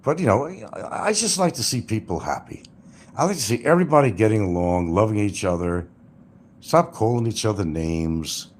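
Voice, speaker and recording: A man's voice: fairly low pitch, animated, moderate pace, slight background noise. An older man hosting a livestream, rambling and mocking with crude, casual talk. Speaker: livestream host.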